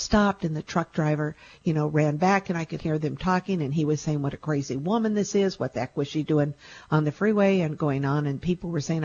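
A woman telling a personal story earnestly, with reflective pauses and wry humor. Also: deep voice, a little mellow, highs cut off, a little hiss or hum. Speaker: storyteller recounting a near-death experience.

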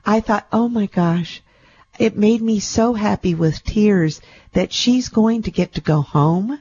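A woman's voice: medium pitch, a little slow, warm tone, highs cut off. A woman hosting a call-in radio show, chatty and affectionate, calling callers sweetie and darling. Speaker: radio show host and intuitive reader.

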